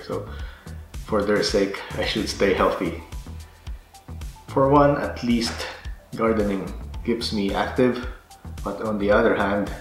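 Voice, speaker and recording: Man, 30s, deep voice, relaxed casual vlog talk, roomy sound, faint background music. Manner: relaxed, easygoing, chuckles softly. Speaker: gardening vlogger.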